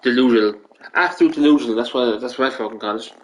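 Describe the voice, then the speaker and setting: A man's voice: medium pitch, fast, poor audio. An Irish man streaming games and ranting casually, rambling, swearing often and restarting his sentences. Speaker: gaming streamer.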